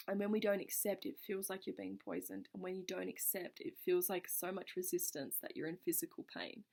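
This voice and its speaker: A woman vlogger casually telling a personal story to camera in an earnest, reflective way, her phrases running on loosely with many fillers. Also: mid-range voice.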